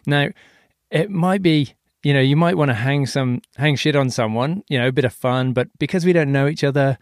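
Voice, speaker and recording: A man's voice: mid-range voice, a little fast, dry recording, studio quality. An Australian man hosting a podcast interview, telling stories in a loose, easygoing way with casual swearing. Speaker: podcast host.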